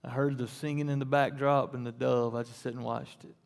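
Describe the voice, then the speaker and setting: A man's voice: medium pitch, level tone, a little fast, creaky. A man pastor preaching a sermon in a church, talking conversationally and then rising to emphatic peaks. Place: church sanctuary. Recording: long reverb in a church hall.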